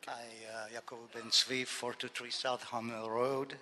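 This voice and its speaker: A man giving brief public comment as a resident, halting and hesitant. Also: mid-range voice, little pitch movement, pushed and bright, a little hiss or hum.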